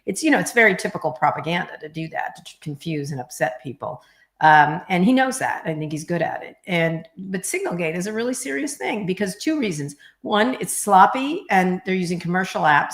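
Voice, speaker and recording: Middle-aged woman guest, low voice, blunt and quick, roomy echo. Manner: blunt, fast, joking. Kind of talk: casual interview chat.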